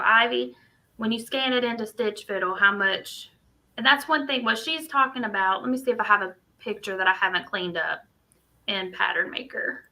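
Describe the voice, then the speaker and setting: A woman's voice: fairly high pitch, gravelly, pushed and bright, low-quality recording. A woman, co-hosting a casual crochet livestream and thinking aloud as she works on screen. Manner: chatty, thinks aloud while working on screen.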